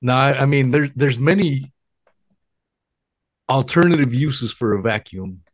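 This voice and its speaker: A man's voice: medium pitch, unhurried, no echo, studio quality. Laid-back laughing podcast guest man. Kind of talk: casual podcast chat.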